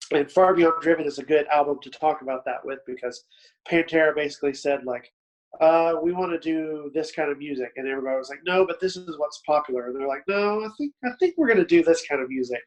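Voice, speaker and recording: A man's voice: mid-range voice, low-quality recording. A man from Texas with a mild Texan accent, co-hosting a podcast in reflective casual chat. He laughs easily and uses many fillers. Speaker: podcast co-host.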